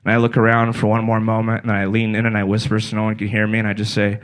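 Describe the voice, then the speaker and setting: A man in his twenties from California performing a stand-up comedy set, telling stories in a deadpan way and acting out quotes. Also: on the low side, very fast, few pauses. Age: 20s. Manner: deadpan storytelling with acted-out quotes. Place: small comedy venue with a live audience.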